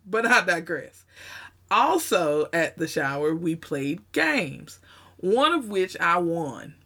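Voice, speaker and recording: A woman's voice: lowish voice, sing-song, slow pace, a bit bright. A woman with a Southern US accent telling a personal story in a conversational way, with emphatic asides. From Southern United States.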